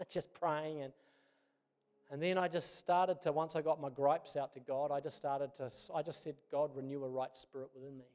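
A man's voice: a little high, darkish tone. A middle-aged man, preaching as a pastor and telling a personal story in a conversational, self-deprecating way.

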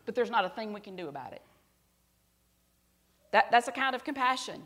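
A middle-aged woman, preaching a sermon and telling a personal story earnestly, her voice dropping soft and quiet at tender moments. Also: fairly high pitch, expressive, fairly quick. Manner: earnest storytelling, drops to soft quiet tones at emotional parts.

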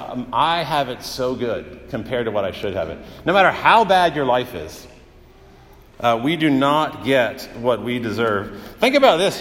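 A man's voice: a little high, big-room sound. A man preaching a sermon as pastor, in a conversational way with frequent "uh" fillers and vivid everyday examples.

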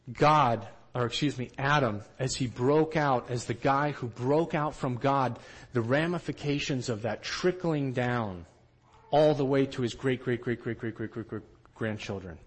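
A man giving a storytelling talk to trainees, animated, and he acts out the quotes himself. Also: mid-range voice, measured pace, poor audio. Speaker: missionary trainer.

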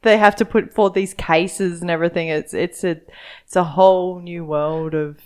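Low-voiced woman, teasing. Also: fairly even intonation, darkish tone. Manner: quick teasing asides, explains things. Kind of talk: casual chat.

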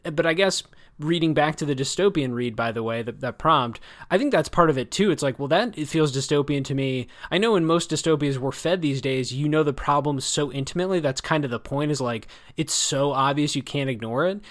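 A man's voice: a little high, fairly quick, a bit bright. A man co-hosting a casual book discussion, talking in long rambling stretches, correcting himself and wry. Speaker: book podcast co-host.

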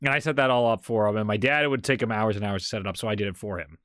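A man co-hosting a podcast, telling a long story in a rambling, animated way. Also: lowish voice, racing, dry recording, studio quality. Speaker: podcast co-host. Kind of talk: casual chat, storytelling.

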